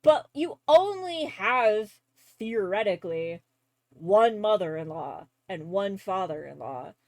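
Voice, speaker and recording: Brief: young Canadian woman, Canadian accent, casual rambling streamer, dry close sound, mid pitch. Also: big pitch swings, slow, darkish tone, no room sound. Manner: rambling, filler-heavy, laughs easily. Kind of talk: casual chat while drawing on stream.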